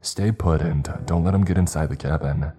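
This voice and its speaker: Guy playing a brisk no-nonsense official on a phone call, super deep voice. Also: warm tone, breathy edge.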